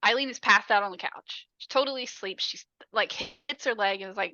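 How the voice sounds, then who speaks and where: A woman's voice: medium pitch, a little fast, dry recording, highs cut off. A woman co-hosting a podcast, casually retelling a film, swearing often and acting out the characters' lines. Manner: swears a lot, animated, acts out quotes. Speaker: podcast co-host.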